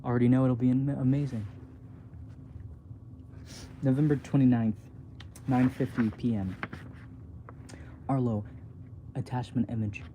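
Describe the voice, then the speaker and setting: A man reading his own book aloud as a bedtime story, softly and haltingly, with small slips. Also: medium pitch, level tone, slight background noise.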